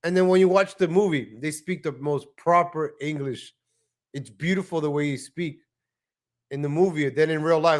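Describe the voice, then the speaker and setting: A man's voice: on the high side, moderate pace. Chatty man hosting a livestream. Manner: chatty, joking, rambling asides. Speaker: livestream host. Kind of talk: casual live-stream commentary.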